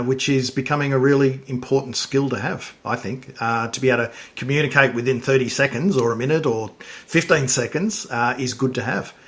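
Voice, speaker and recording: Brief: mid-pitched man, relaxed podcast host, chatty and searching for words. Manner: conversational, casual, frequent restarts. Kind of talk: podcast interview chat.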